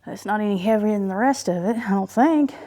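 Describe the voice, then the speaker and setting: Outdoors on a farm, a woman from Oklahoma who vlogs about homesteading chats while working, slightly out of breath and rambling with plenty of fillers. She has a mid-range, dark-toned voice and talks a little fast.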